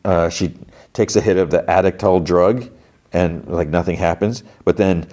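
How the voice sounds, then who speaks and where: A male podcast host recapping a TV episode in casual, rambling chat. His voice sits very low. He leans on fillers and slips into the characters' lines as he tells the story. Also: normal speed, darkish tone. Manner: chatty, full of "like" fillers, acts out dialogue.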